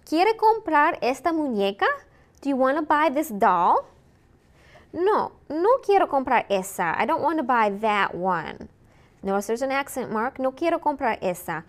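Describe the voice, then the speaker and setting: A woman teaching a recorded Spanish lesson. She models short phrases clearly for repetition and explains them in English. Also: sits high, very animated, moderate pace.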